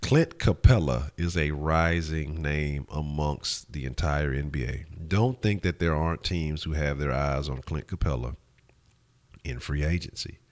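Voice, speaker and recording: A host talks sports in a loose, profane ramble, often restarting his sentences. His voice sits extremely low, a very deep bass. He chats casually and keeps answering viewers. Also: a little slow. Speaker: sports talk show host. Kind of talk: casual live-stream sports talk, answering chat.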